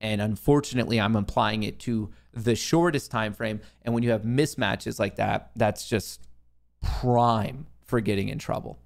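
Speaking at a normal speed in a low-leaning, steady voice with vocal fry, this young man runs a live trading stream. He talks loosely to himself and his audience, grumbling and cursing at the market as he day trades.

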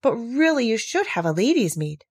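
Storybook girl, civil and earnest, read by a woman, husky, dry sound. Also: on the high side, very animated, normal speed, no echo, voice pushed up. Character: polite, curious young girl.

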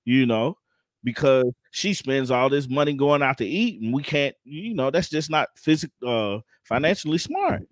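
A man co-hosting a casual podcast, talking in a measured, reflective way. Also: mid-range voice, animated, dry recording. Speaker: podcast co-host. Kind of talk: casual reality-TV discussion.

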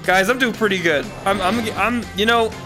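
A young man giving excitable, playful commentary while playing a virtual reality game. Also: high voice, moderate pace, over music. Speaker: gaming YouTuber. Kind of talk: VR gameplay commentary.

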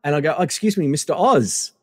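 A man's voice: a little high, expressive, fast, no echo, studio quality, long reverb tail. A man telling a long casual story as a podcast guest, full of fillers and acted-out quotes.

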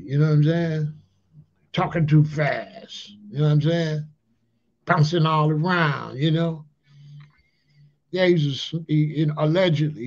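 Here a man with a slightly high, darkish voice gives a loose, slang-heavy rant on a talk channel. "Allegedly" and "you know what I'm saying" come up again and again. The sound quality is dull lo-fi.

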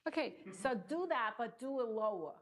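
A woman's voice: fairly high pitch, lively intonation, normal speed. A woman acting coach giving direct, encouraging instructions to a student.

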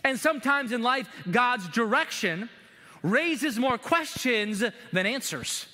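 A middle-aged man preaches from the pulpit in an animated way, often slipping into acted-out prayers to God. His voice sits high and bright. The sound carries a long church reverb. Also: slow pace. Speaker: pastor. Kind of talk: sermon. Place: church sanctuary.

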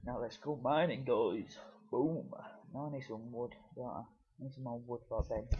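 At normal speed, a man from the UK talks loosely over his gameplay for a gaming video, full of fillers and restarts. His voice is medium-pitched with a darkish tone, and the audio is dull.

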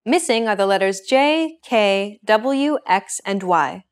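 A woman hosting a scripted beginner language lesson. She explains each grammar point in a clear, steady teaching voice. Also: mid-range voice, slow.

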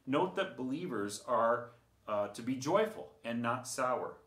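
A man's voice: medium pitch, very animated, a little slow, fairly bright tone, roomy sound. A man giving a conversational sermon with dry humor and frequent filler words. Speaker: preacher.

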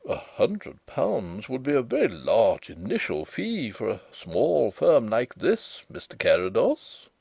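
A man reading the part of a frail, white-haired old male director who speaks in a soft, whispering, confiding way. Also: low voice, expressive, normal speed, dry recording, muffled recording, voice pushed down. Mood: pained.

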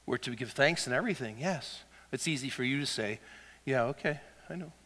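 Animated preacher man in a reverberant hall. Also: medium pitch, brisk. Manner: dramatic and animated, swinging from shouts to whispers. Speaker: pastor. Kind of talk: sermon.

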